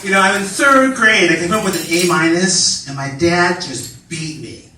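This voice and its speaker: A man doing a stand-up comedy set in a club, animated and camp, jumping into high squeaky voices for the people he quotes. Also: normal speed. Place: comedy club stage before a laughing audience. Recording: echoey club recording, distant, noisy.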